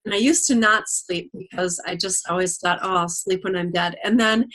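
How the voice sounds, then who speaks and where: Animated middle-aged woman on a video call. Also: on the low side, normal speed. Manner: animated storyteller, acts out quotes. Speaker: product distributor. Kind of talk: casual testimonial on a video call.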